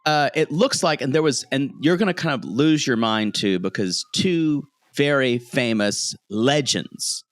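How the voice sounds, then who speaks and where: A man co-hosting a podcast, telling a recap in an animated way. He bounces all over his pitch and slips into playful put-on voices for quotes, laughing as he goes. The sound is dry and close. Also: unhurried, few pauses, dry recording. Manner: animated storyteller, acts out quotes, laughs often. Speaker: podcast co-host. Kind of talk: casual recap chat. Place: home, street noise outside.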